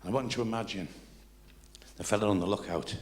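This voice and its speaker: A man's voice: on the low side, fast talker. An older man telling rambling stories to a live audience, chatty and full of restarts. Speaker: comedian. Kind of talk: live stand-up storytelling.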